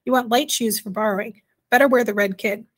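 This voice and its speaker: A woman reading aloud and voicing a sharp-tongued, bossy tiny mother from a little-people family. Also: on the high side, fairly even intonation, brisk, lightly acted. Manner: sharp and insistent.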